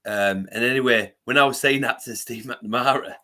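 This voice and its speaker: A man, a former rugby league player, telling his story as a podcast guest in an animated way, often restarting and repeating words. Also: mid-range voice, normal speed. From England.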